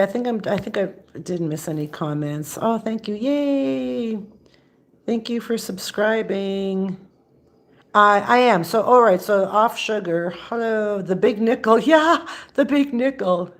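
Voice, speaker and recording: A woman's voice: on the high side, measured pace. A woman in her sixties from Canada, chatting casually on a live stream from her phone and answering viewers' comments with many restarts. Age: 60s. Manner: chatty, rambling, frequent restarts. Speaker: vlogger answering live chat.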